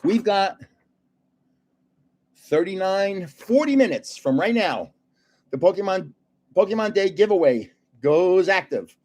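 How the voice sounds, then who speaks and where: An older man hosts a trading card live stream in a loose, chatty way. He tells stories with plenty of laughs and keeps talking to his viewers. His voice sits a little on the high side for a man. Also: expressive, a little slow, pauses often, a little mellow. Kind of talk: casual live-stream chat and storytelling.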